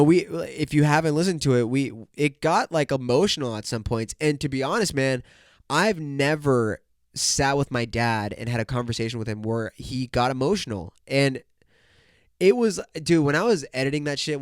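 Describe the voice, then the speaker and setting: A man's voice: medium pitch, clean tone, dry recording, studio quality. A young man hosting his own podcast, rambling casually, swearing often and saying dude and bro. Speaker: podcast host. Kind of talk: casual solo podcast talk.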